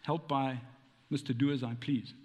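A man's voice: medium pitch, steady tone, moderate pace, darkish tone. A man preaching a conversational sermon, full of rhetorical questions and playful asides. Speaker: pastor. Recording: long hall reverb.

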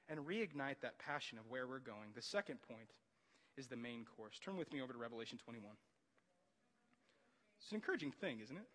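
A man in his thirties preaching a sermon, animated and jokey, often rising into loud excited outbursts. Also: a little high, normal speed, long pauses. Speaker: pastor. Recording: long hall reverb.

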